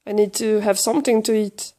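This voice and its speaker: A Swedish-accented woman with a hoarse, mid-range voice lies on her home couch nursing a cold, filming her cat for her vlog. She chats casually to the camera and baby-talks the cat, rambling and poking fun at herself. Her tone stays steady and mellow, and her pace is brisk.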